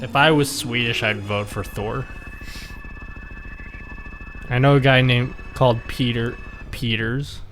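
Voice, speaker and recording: A man's voice: mid-range voice, fairly even intonation, takes it slowly, long pauses, over music. A man streaming live, chatting casually, reading chat aloud and joking with viewers.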